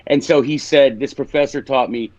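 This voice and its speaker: A man's voice: medium pitch, fairly even intonation, normal speed, a little mellow, no echo, highs cut off. A man with a Memphis accent, a guest author explaining ideas in a casual interview, teaching and restarting as he talks.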